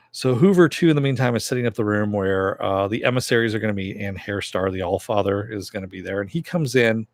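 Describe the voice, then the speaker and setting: A man's voice: moderate pace, no room sound. A man casually recapping a TV episode in a rambling way, full of fillers, lifting his voice when he quotes the characters. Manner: rambling, many fillers, raises pitch when quoting characters. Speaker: TV episode reviewer.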